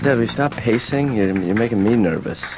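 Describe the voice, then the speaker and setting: A man playing a deadpan, teasing grown son. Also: on the low side, fairly quick, loud music behind the voice, natural voice. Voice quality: deadpan, dry mumbling delivery. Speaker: son of the therapist. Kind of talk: improvised cartoon dialogue.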